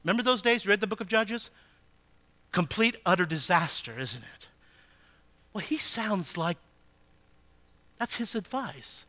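A man teaching a Bible passage in a sermon, animated and asking his listeners frequent rhetorical questions. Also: high-pitched, a little slow, pauses often.

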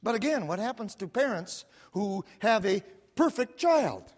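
A man preaching a sermon, telling the story with lively repetition and quick asides, recorded in a church sanctuary. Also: sits high. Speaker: pastor. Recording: long hall reverb.

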